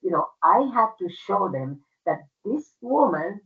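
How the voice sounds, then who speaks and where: A woman's voice: mid-range voice, sing-song, unhurried. Puerto Rican woman telling her story. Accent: Puerto Rican Spanish. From Puerto Rico. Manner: emphatic, conversational, frequent fillers. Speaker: guest speaker. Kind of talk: personal storytelling talk. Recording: tinny phone-like audio.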